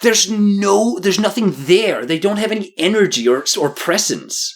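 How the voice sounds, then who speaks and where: Higher-voiced man, animated podcast co-host. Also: unhurried. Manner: animated, joking critical opinions. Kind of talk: casual podcast discussion.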